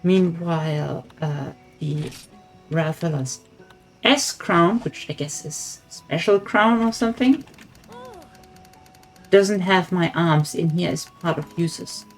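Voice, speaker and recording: A woman with a slightly low voice streams a game and thinks aloud in easy chat with a friend. She muses over her choices between dry little jokes. Faint game music plays under her voice. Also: slow pace. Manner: musing, thinks aloud while playing. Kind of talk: casual gaming chat. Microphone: streaming setup.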